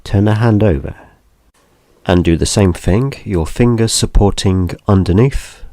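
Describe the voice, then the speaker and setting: A man teaching a gentle hand massage, speaking in a soft, unhurried, calm instructional way. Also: fairly low pitch, dry recording, clean studio sound.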